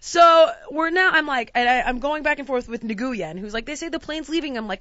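A woman's voice: high voice, a little fast, few pauses, no room sound, muffled recording. A woman in casual chat, telling a long travel story and acting out the quotes with exasperated outbursts. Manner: acts out quotes, shouting in exasperation.

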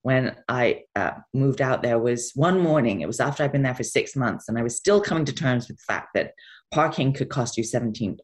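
Woman, low voice, animated intonation, casual interview answers, lots of fillers. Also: brisk. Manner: rambling, laughs easily, many fillers.

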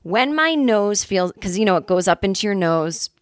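A woman's voice: mid-range voice, lively intonation, moderate pace, dry recording, studio quality. A woman hosting a comedy podcast, telling a rambling, self-deprecating story and speaking openly about her anxiety in a casual way.

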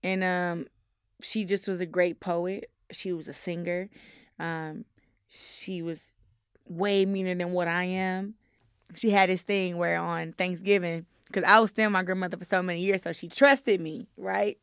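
A young woman giving a candid interview, talking haltingly with many fillers. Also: fairly low pitch, steady tone, fairly bright tone, clear, resonant tone, no room sound, studio quality. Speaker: interview guest. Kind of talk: casual interview talk.

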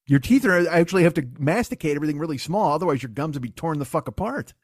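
High-voiced, profane comedic podcast host. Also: male voice, quick pace, dry recording, studio quality. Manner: profane, rambling, animated.

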